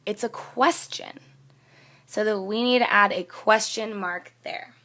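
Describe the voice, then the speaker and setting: A woman's voice: mid-range voice, steady tone, a little slow, pushed and bright. A young woman teacher reading a student's story aloud and patiently explaining her editing marks in a classroom demonstration. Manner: reads a student's text aloud, then comments plainly and patiently.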